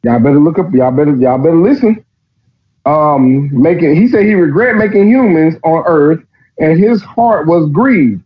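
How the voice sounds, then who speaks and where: A profane, sarcastic man with a somewhat high voice reads a text aloud and mocks it in animated commentary. The recording is dull and lo-fi. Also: moderate pace. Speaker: podcast host. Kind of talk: mocking commentary while reading aloud.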